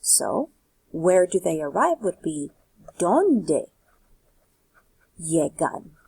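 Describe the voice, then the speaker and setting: Gravelly-voiced woman teaching Spanish. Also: on the low side, sing-song, drawn-out words, mellow, no room sound, rough recording. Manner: explains step by step, asks rhetorical questions. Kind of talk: recorded worksheet lesson.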